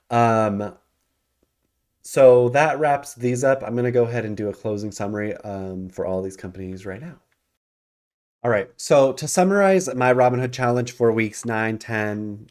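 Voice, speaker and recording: A man's voice: fairly low pitch, a little mellow. A man hosting a casual stock commentary over his screen, talking loosely with many ums and self-corrections. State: yawning and hiccuping. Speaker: investing channel host.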